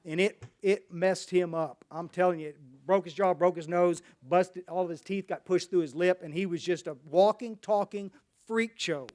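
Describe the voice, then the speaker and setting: A man's voice: high-pitched, normal speed, a little mellow. A man from Dallas, Texas, telling his personal recovery story at a meeting in a folksy, rambling way with many restarts.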